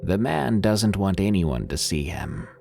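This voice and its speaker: A man doing a slow, measured spiritual advisor. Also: low voice, sing-song, gravelly, dark tone, soft background music, full character voice. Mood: calm.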